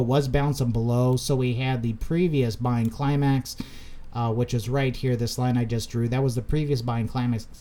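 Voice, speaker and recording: Drawing lines on a crypto chart, a man rambles through casual commentary in a mellow, mid-range voice. He corrects himself, chats directly to viewers, and gets pumped up when greeting them.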